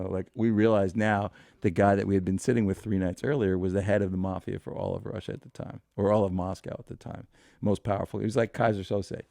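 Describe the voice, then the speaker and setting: Gravelly-voiced man telling a wild story. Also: on the low side, no echo, studio quality. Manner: animated storyteller who swears freely. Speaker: podcast guest. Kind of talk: storytelling interview.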